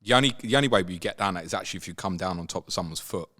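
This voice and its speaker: A man hosting a casual football chat, animated and swinging up high when he mimics players. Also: rapid-fire. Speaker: football podcast host.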